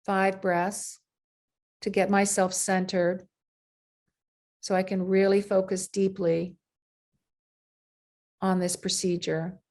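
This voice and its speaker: A woman's voice: mid-range voice, flat delivery, slow pace, pauses often, darkish tone. A woman surgeon, interviewed as a guest, telling workplace anecdotes in a loose, conversational way, full of fillers and restarts. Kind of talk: conversational storytelling.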